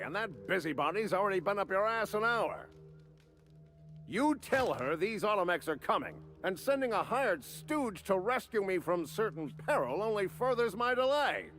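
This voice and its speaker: An actor playing a swaggering, boastful male ship captain in a video game, with a booming announcer-like delivery and grandiose, old-fashioned phrasing. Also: a bit bright, full character voice.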